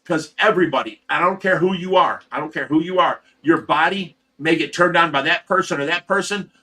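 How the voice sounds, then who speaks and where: A middle-aged man from Ohio talks on a casual livestream, with a rather high voice and a bright, forceful edge. He tells his story in a candid, rambling way, often restarting his sentences. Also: a little fast. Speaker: livestream host.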